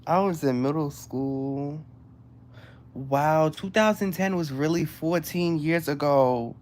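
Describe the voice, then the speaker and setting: A woman, hosting a casual livestream and chatting excitedly with viewers. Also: deep voice, slow pace, slight background noise. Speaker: livestream host.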